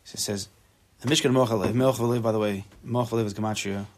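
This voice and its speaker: A man teaching a relaxed Torah class, translating the text phrase by phrase, with joking asides and repeated words as he thinks aloud. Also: fairly low pitch, fast talker. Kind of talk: casual spoken Torah class.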